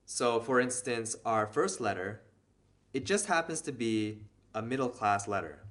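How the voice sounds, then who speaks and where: Guy teaching beginner reading, calm and patient, takes it step by step, mid-pitched voice. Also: a little slow. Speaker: language teacher. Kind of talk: explaining a reading lesson.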